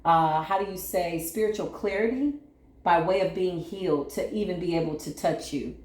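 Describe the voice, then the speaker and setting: A woman's voice: on the low side, normal speed, darkish tone, roomy sound. A woman giving a tarot reading on her channel, soothing and repetitive, often checking in with "right?". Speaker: tarot reader.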